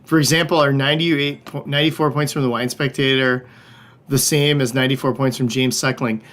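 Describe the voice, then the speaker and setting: A man's voice: mid-range voice, fairly even intonation, a little fast, a bit bright. A middle-aged man hosting a livestreamed wine tasting class. He talks in a casual, joking, loose way and swears now and then. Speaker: wine shop host.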